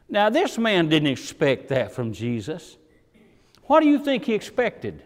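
A man preaches a sermon at an unhurried pace, his pitch swinging hugely as he dramatically voices the people he quotes, shifting in both pitch and volume. Long hall reverb fills the recording.

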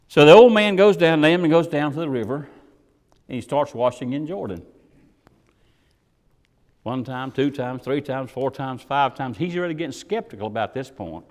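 A man preaching a sermon, dramatically voicing the people he quotes. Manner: dramatic, voices quoted characters with swings in pitch and volume. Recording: long hall reverb.

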